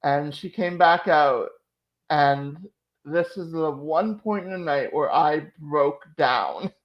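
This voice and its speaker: A woman's voice: deep voice, slow, lo-fi sound. A woman hosting a channel, chatting casually and emotionally, full of "like" fillers. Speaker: channel host. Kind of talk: casual chat recap.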